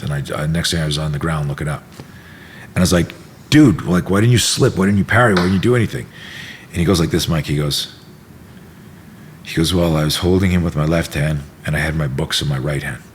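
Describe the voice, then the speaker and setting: Deep-voiced man telling a story. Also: a little hiss or hum. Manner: animated storyteller, acts out quotes, swears freely. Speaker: self-defense instructor, podcast guest. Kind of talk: storytelling in casual interview.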